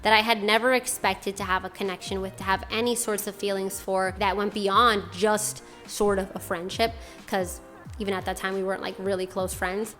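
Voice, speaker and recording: A young woman from Boston hosts her own channel and shares a personal testimony in loose, chatty talk. She rambles and drops "like" into almost every sentence. Her voice sits at a middling pitch, with soft music faint in the background. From Boston, USA. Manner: casual, rambling, many fillers like "like". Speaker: channel host.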